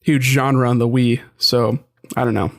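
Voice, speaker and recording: A man's voice: medium pitch, little pitch movement, measured pace, gravelly. A young man talking games on a podcast, his voice sitting in an ordinary middle register. He rambles casually and often circles back to restart a thought. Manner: rambling, many restarts and asides. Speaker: podcast co-host. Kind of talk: casual chat.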